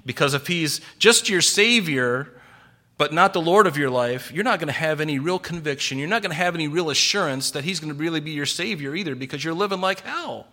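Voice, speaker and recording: A man preaching an expository sermon, animated and full of rhetorical questions. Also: fairly high pitch, fairly quick. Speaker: pastor.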